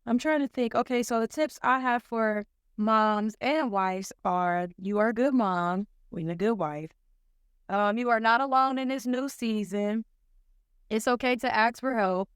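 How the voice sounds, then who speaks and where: A woman's voice: on the high side, measured pace, clean tone, dry recording, studio quality. A woman from Cincinnati hosting a casual podcast chat between moms, chatty and laughing often. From Cincinnati, Ohio. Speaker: podcast host.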